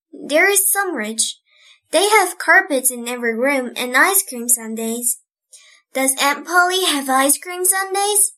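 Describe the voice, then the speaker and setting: A woman's voice: high voice, sharp tone, heavily acted. A woman reading an audiobook, voicing a cheerful, chatty orphan girl who talks eagerly. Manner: eager, chatty, wide-eyed. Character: earnest cheerful orphan girl, about eleven.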